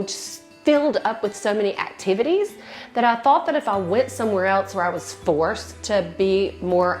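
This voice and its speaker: A woman speaking as a guest in a candid, heartfelt personal testimonial, often pausing on fillers as she reflects. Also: lowish voice. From American South. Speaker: client and guest.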